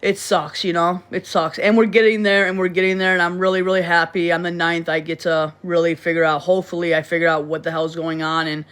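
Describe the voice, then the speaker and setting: A woman's voice: lowish voice, flat delivery, fairly quick, few pauses, fairly bright tone. A woman casually chatting on a phone livestream, rambling and repeating herself, blunt and often swearing. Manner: rambling and repetitive, frequent restarts. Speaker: livestream host.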